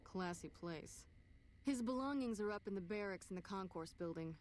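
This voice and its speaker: An actress voicing a video game character who gives a matter-of-fact briefing. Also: female voice, medium pitch, expressive, moderate pace, darkish tone, natural voice.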